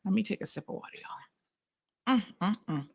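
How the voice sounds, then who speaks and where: A middle-aged woman hosting a live commentary, talking in a sarcastic and animated way. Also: mid-range voice, brisk, vocal fry, slightly rough. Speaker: host.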